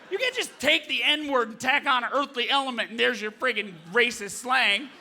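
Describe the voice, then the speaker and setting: A male stand-up comedian performing on a theatre stage, ranting in an animated voice that often rises to a shout. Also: extremely high pitch, normal speed.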